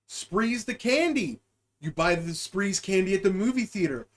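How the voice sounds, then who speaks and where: A man's voice: sits high, sing-song, measured pace. A young man hosting a live-stream podcast, chatting with his viewers in a rambling, joking, profane way, riffing from one word association to the next.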